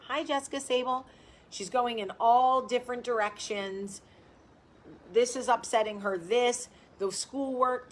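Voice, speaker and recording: A woman's voice: mid-range voice, slight background noise. Chatty woman with a New Jersey accent. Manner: rambling, chatty storytelling; greets viewers by name mid-story. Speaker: host. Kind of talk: casual livestream chat.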